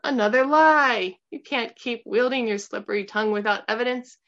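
A woman's voice: a little high, steady tone, fairly quick, fairly bright tone. Woman voicing a hostile prosecutor Vulpine. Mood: angry. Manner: stern, accusing. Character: scheming male village prosecutor, hostile. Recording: dull lo-fi recording.

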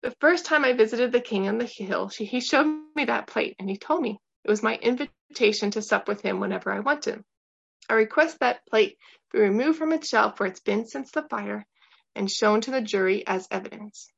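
A woman voicing a confident man on trial who speaks in a calm, earnest way, on a dull lo-fi recording. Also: a little high, normal speed, gravelly, slightly rough, exaggerated voice.

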